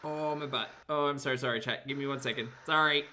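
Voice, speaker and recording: A woman with an extremely low-pitched voice hosts a livestream, chatting casually at a brisk pace while giggling often and animatedly thanking viewers for their super chats. A faint hiss or hum runs under the audio.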